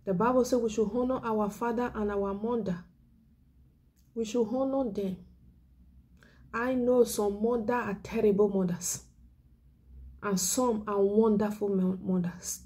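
Mellow and steady, a woman with a mid-range voice preaches an emotional exhortation at a measured pace with long pauses. Near tears, she pleads earnestly and circles back over her points, sinking to a whisper on the key words.

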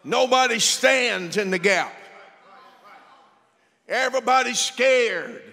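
A male pastor preaching a sermon, animated and comic, rising to shouts at his peaks. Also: extremely high pitch, slow, pauses often. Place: church sanctuary. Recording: long reverb in a church.

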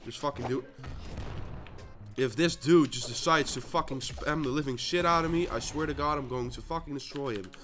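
A man with a Dutch accent commentating his own gameplay, swearing and trash-talking his opponents with sudden yelling bursts. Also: mid-range voice, normal speed, faint music behind. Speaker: gaming channel host.

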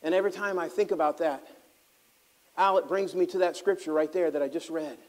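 A man preaching a sermon as pastor, swinging between loud fervent passages and hushed tender asides, acting out the people he describes. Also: a little high, fairly even intonation, a little fast. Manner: acts out voices of people he describes.

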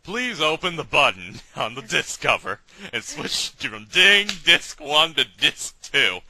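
A man's voice: on the high side, big pitch swings, measured pace, pushed and bright, husky, no echo, pitched below the performer's own voice, heavily acted, low-quality recording. A young man voicing a fussy male announcer reading console instructions. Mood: instructing.

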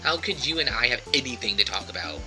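A man putting on a bratty teenage girl in a video game, whiny and sarcastic, snapping back at her father. The voice leaps high and low, with game music underneath. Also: very animated, fast talker, natural voice, rough recording. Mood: indignant.

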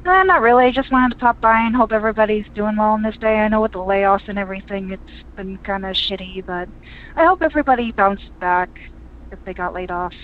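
A woman caller speaking in a soft, sympathetic way. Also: mid-range voice, brisk. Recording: tinny phone line.

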